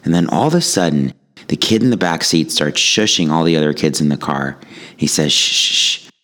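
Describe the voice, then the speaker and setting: A man with a remarkably deep, low voice tells a personal story. He speaks as a yoga teacher and speaker, calm and reflective, with a wry sense of humor running through the anecdote. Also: fairly quick. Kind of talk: storytelling monologue.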